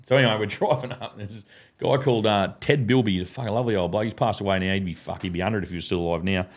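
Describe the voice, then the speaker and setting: A man, a podcast guest telling a sweary, animated story and laughing through his sentences in a studio. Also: fairly low pitch, rapid-fire. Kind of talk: casual storytelling.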